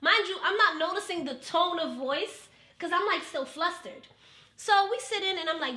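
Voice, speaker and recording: A woman tells her story with a high, lively voice that swoops up and down. She swears freely and acts out every line of dialogue, recorded in an echoey room. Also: moderate pace. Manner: profane, dramatic, acts out quotes. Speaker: podcast guest. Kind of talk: animated storytelling.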